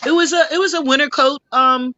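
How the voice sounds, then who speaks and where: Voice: sits high, steady tone, brisk, bright, forceful tone, highs cut off. A speaker in casual chat who interjects often. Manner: laughing, interjecting.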